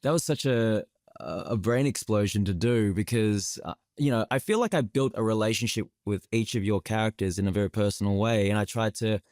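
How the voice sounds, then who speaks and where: A man's voice: on the low side, brisk, a little mellow, no room sound, clean studio sound. A man with an Australian accent, an actor chatting animatedly as a guest on a podcast interview.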